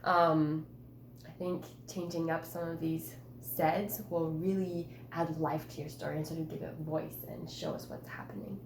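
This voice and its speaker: A woman teacher holding a one-on-one writing conference with a student, patient and encouraging, coaxing with gentle questions. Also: low voice, flat delivery, moderate pace, noisy background. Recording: roomy echo.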